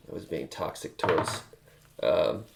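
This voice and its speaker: Casual streamer guy, very low gravelly voice, crude joker, faint hiss behind. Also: unhurried. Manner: crude joking banter. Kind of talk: casual chat while working.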